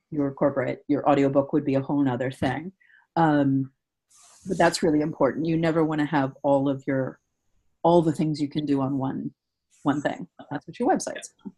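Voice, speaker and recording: A woman's voice: sits low, dark tone. A woman hosting a webinar and giving casual voiceover advice, talking in chatty bursts with many restarts. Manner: chatty, with frequent restarts and fillers. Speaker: voiceover coach and webinar host.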